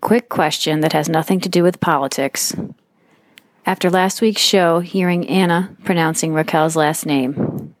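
A woman's voice: fairly low pitch, unhurried. A middle-aged woman from New Hampshire leaving a voice note for a podcast, earnest and a little self-deprecating as she asks her question. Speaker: listener sending a voice note. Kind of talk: recorded voice message.

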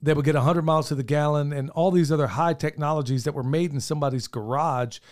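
A man's voice: on the high side, fairly even intonation, fast, darkish tone. A middle-aged man, co-hosting a podcast in earnest, rambling casual chat, his voice wearing thin. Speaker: podcast co-host.

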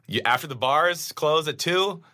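A young man, a comedian, chatting casually and telling profane, animated stories. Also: on the high side, normal speed. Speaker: comedian guest. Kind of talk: casual chat.

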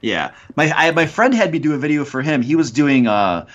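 A man's voice: on the high side, big pitch swings, fairly quick, a bit bright. Chatty man on a lo-fi recording. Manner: rambling, chatty, full of fillers. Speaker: guest, YouTuber and game master. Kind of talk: casual podcast conversation.

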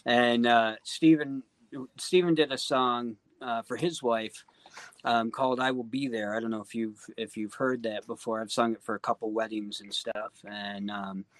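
Brief: earnest male guest, mid-pitched, dry close sound, sincere, meandering. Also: fairly even intonation, normal speed, dry recording. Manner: earnest, heartfelt, full of "you know" and "um". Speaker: guest singer-songwriter. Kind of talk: casual podcast interview.

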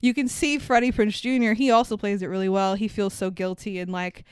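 A woman's voice: mid-range voice, fairly even intonation, a little fast, darkish tone, smooth, dry recording, studio quality. A woman co-hosting a movie podcast, talking casually and animatedly, swearing freely and laughing often. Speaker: podcast co-host. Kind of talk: casual movie review chat.

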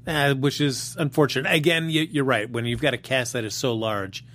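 A man co-hosting a soap opera chat show, talking in a measured, analytical way. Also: medium pitch, fairly even intonation, fairly bright tone. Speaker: co-host. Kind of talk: casual chat.

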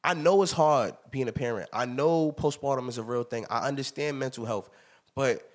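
A man in his thirties hosting a podcast, telling stories in an emphatic, animated way with plenty of laughter. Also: medium pitch. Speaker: podcast host. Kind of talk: casual chat.

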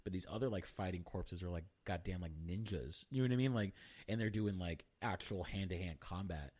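A man with a low voice co-hosts a podcast, recapping in loose, casual chat. He rambles and leans on "you know what I mean" and other fillers. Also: a little fast, a little mellow. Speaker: podcast co-host.

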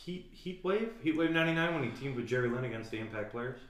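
A man co-hosting a podcast, chatting casually and throwing in quick, joking remarks. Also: mid-range voice, a bit bright, reverberant, distant mic. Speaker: podcast co-host. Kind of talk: casual chat.

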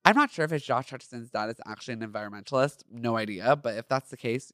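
A man's voice: mid-range voice, quick pace, hardly any pauses, sharp tone, no room sound, clean studio sound. A man hosting a podcast, reading his own fan fiction aloud and breaking off into campy, sassy asides. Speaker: podcast host.

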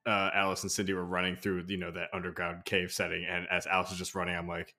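A man on a casual podcast, talking in a relaxed, slightly hesitant way and repeating words. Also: sits low, quick pace. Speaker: podcast panelist. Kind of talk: casual chat.

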